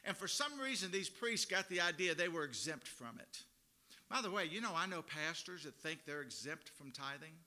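A man's voice: on the high side, very animated, moderate pace, bright, forceful tone. A middle-aged man preaching a sermon in a conversational, informal way, often restarting his sentences. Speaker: pastor.

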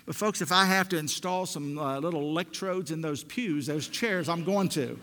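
A man preaching a sermon as pastor, moving between hushed passages and loud, emphatic stretches. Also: a little high, moderate pace, hardly any pauses, in a large hall. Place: church sanctuary.

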